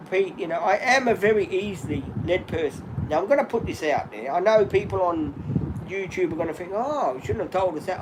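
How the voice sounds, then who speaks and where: A man's voice: sits high, background noise. A man in his fifties hosting a live stream from home, chatting openly and rambling as he talks straight to his viewers. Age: 50s. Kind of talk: candid live-stream chat.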